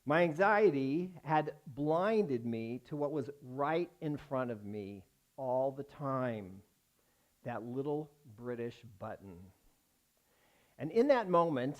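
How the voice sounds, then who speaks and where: A man, a rabbi, giving a sermon as a wry, self-mocking personal story, pausing for the congregation's laughs. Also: mid-range voice. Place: synagogue sanctuary with a congregation.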